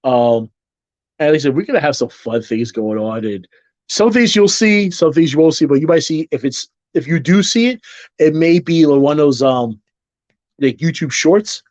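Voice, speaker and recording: A man talking casually to his viewers in a vlog, rambling with restarts and repeated phrases, and getting animated when he jokes. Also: on the high side, normal speed, no room sound. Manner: animated when joking, mimics people in quotes. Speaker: vlogger.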